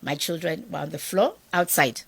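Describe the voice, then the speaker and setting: A middle-aged Nigerian woman telling a personal story in an interview, animated and acting out the dialogue of the people in it. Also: low voice, normal speed, gravelly, background noise. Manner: animated, acts out quoted dialogue. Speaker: guest.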